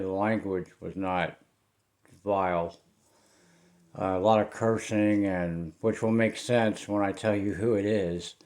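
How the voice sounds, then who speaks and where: A middle-aged Southern man rambles through a ghost story for his viewers, his low voice often sinking into near-mumbles. He talks loosely, with restarts and fillers. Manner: rambling, drops to quiet mumbles. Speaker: paranormal investigator vlogger. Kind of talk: casual storytelling to camera.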